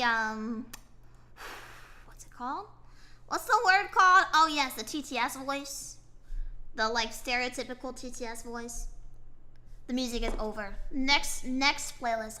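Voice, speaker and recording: A woman's voice: high voice, measured pace, pushed and bright. A tired young woman streaming as a VTuber, chatting casually and rambling while she draws and answers her chat. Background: faint music playing.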